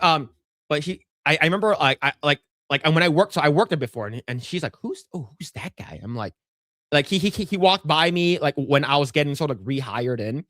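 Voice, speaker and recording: A man telling a workplace story on a podcast, his voice sitting a little high for a man. He stammers, restarts and slips into quoted voices. The sound is dry and close. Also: fairly bright tone, dry recording. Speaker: podcast co-host. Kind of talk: casual storytelling chat.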